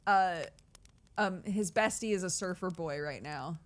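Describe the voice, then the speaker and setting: A woman streamer reading a classic novel aloud on a livestream, measured in the reading and giggly in her asides. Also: fairly low pitch.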